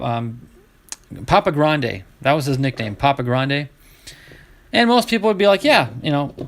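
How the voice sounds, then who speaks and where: A middle-aged man hosting a live baseball card break, chatting casually with his viewers as he sorts cards. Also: fairly high pitch. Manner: chatty, talks to chat viewers while sorting cards.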